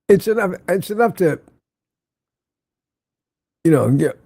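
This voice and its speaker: Older male livestream host from Central Florida, rambling casual chat, husky and gravelly, dry close sound. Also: high-pitched, lively intonation, slow pace, mellow, dry recording. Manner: rambling, reads viewer comments aloud.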